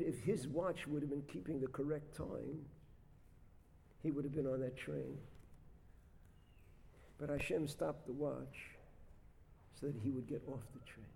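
A man preaching as a rabbi, telling a story with dramatic swings between loud bursts and soft, quiet reflection. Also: medium pitch, gravelly, slight background noise. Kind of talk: sermon storytelling. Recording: long hall reverb.

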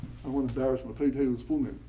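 A male rabbi giving an animated talk to yeshiva students, telling stories, mixing Hebrew and Yiddish words into English, and often repeating words when he gets excited. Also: mid-range voice, rapid-fire, a little hiss or hum, poor audio.

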